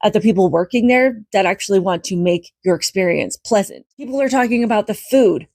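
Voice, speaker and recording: An American woman makes her case in earnest, emphatic casual commentary, stacking example after example. Her voice is husky, and the recording is dry and close. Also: medium pitch, animated, a little fast, a little mellow, no echo. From United States. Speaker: social media commentator.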